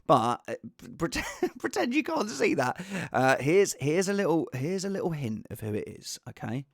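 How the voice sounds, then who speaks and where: A man's voice: on the high side, big pitch swings, moderate pace, gravelly, no echo. A man hosting a casual show, rambling in a self-deprecating way in front of a green screen. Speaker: podcast host. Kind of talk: casual chat. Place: home set with green screen.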